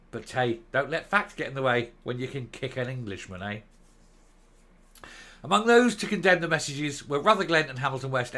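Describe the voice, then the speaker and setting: Man, political commentator, bright forceful tone, sarcastic, scornful. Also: medium pitch. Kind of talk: opinionated video commentary.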